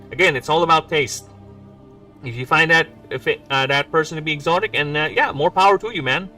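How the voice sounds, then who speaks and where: The indie developer, a Filipino man in his forties, sounds fairly high-pitched, pushed and bright as he reads lore aloud on his livestream. He rambles and cracks self-mocking jokes, and a distant mic captures him over background music.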